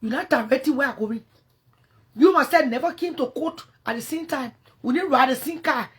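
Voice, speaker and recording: A high-voiced woman with a Liberian English accent, ranting into her phone on a livestream. She is confrontational and swears freely. Her voice drops to low mutters, then bursts out loud again. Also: a little fast. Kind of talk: angry livestream rant.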